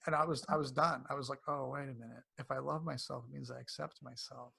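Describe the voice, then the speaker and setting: Gravelly man telling lively stories. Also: mid-range voice, quick pace. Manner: animated storyteller, acts out quoted voices. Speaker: cancer coach guest. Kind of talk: casual interview talk.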